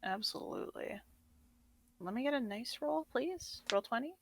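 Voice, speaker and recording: A woman's voice: a little high, lively intonation, moderate pace. A woman playing in a tabletop game, chatting cheerfully between turns. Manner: cheerful, laughs often. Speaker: player. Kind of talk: casual tabletop play.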